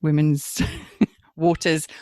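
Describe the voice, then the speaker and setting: A woman's voice: deep voice, little pitch movement, extremely slow, warm tone, no room sound, studio quality. A woman midwife co-hosting a podcast, explaining things plainly and laughing easily. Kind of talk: podcast conversation.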